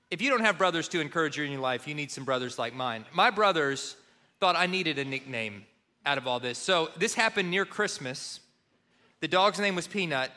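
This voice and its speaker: A man's voice: on the high side, bright, forceful tone. A middle-aged man preaching a sermon, telling a self-deprecating story and acting out the people in it. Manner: storytelling, self-deprecating, acts out phone calls. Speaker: pastor.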